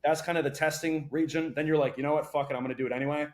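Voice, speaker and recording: A young man guesting on a podcast chats casually and loosely, firing off words fast with plenty of swearing and animated storytelling. His voice is a touch high for a man.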